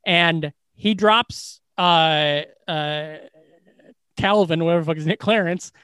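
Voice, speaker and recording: Guy with a high voice swearing his way through a movie recap, dry close mic. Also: takes it slowly, smooth, no echo. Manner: profane, animated retelling of scenes. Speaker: podcast co-host. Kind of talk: casual movie recap chat.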